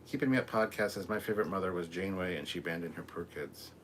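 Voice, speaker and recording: A man with a low, deep voice talks quickly and easily on a home livestream, reading chat comments with loose asides and lots of fillers. A camera mic some distance away in a room with a TV picks up a faint hiss beneath him.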